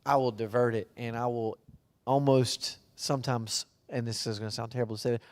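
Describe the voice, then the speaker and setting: A man's voice: medium pitch, steady tone, brisk, darkish tone. A man speaking earnestly and bluntly in a church round-table discussion. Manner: earnest and blunt, with filler ums. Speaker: church member on a panel.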